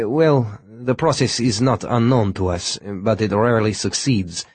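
A man's voice: mid-range voice, breathy edge, no room sound. A man voicing a grave alien doctor. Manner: measured, explanatory, gently apologetic. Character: alien doctor, older male, careful and regretful.

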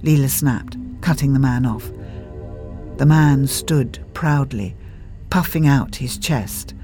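An audiobook narrator reading scripted narration in a steady storybook manner. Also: medium pitch, slow pace, faint music behind.

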